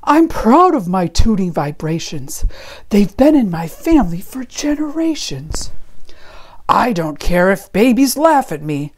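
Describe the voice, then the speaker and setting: A woman's voice: on the high side, darkish tone, pitched above the performer's own voice, full character voice. A woman doing cheerful little town farts.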